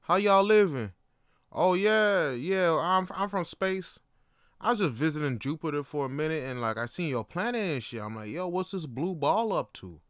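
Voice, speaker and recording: A man's voice: a little high, animated, normal speed, fairly bright tone, clear, resonant tone, dry recording, clean studio sound, voice pushed up. A man voicing a laid-back male space alien visitor who talks in casual slang and scolds people for their ways. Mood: chatty, judgmental.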